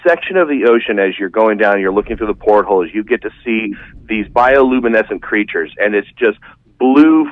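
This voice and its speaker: A man's voice: fairly low pitch, lively intonation, a little fast. Man telling a rambling story, dull audio. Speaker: guest. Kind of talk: casual storytelling in a podcast chat. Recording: dull, dry, lo-fi sound.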